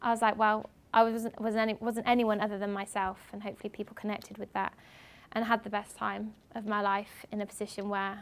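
A young woman from England speaks at a university lecture as a guest speaker. She tells her stories with animation and acts out other people's lines as she goes. Her voice sits at a middling pitch. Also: level tone, a little fast, few pauses. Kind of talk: lively talk to students.

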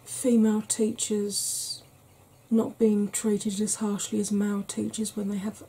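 A Welsh woman chatting frankly in a soft-spoken ASMR vlog, rambling with fillers. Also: medium pitch, monotone, unhurried, husky. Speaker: ASMR vlogger.

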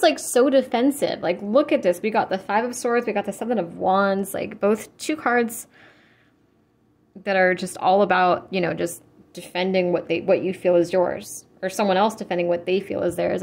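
A young woman giving a casual tarot reading, chatty and full of fillers, blunt and quick to swear. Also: mid-range voice, creaky, a little mellow. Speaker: tarot reader.

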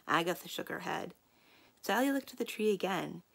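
A woman librarian reading a children's mystery book aloud in a calm, inviting storytelling manner. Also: mid-range voice, fairly quick, vocal fry.

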